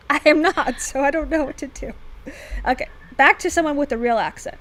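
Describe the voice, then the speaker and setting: A woman's voice: sits high, normal speed, pushed and bright, poor audio. A woman from Florida, co-hosting a livestream in casual, self-deprecating chat and laughing often. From Florida, United States. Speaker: livestream co-host.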